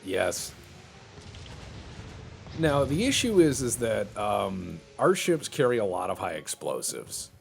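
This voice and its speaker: Man, let's-play commentator, joking, lowish voice, lively pitch, faint music behind. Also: slow, creaky, pauses often. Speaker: gameplay commentator.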